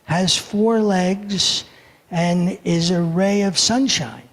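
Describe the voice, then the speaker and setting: A cheerful male friend rings up with a riddle, and his voice is high and upbeat, put on by an older man telling a story. It has a slight gravelly texture. The sound carries the long echo of a large hall. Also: steady tone, very slow, exaggerated voice. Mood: puzzled. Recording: echoey hall reverb.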